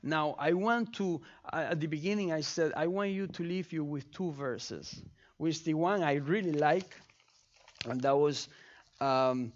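A man's voice: fairly high pitch, steady tone, unhurried, highs cut off. A male pastor leading a sermon and altar prayer, pleading fervently and repeating his cries to God. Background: keyboard music.

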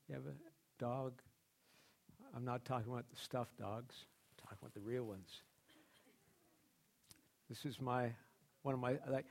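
A man preaching a sermon as pastor, rambling with many restarts and fillers, and acting out quoted people in a higher, louder voice.

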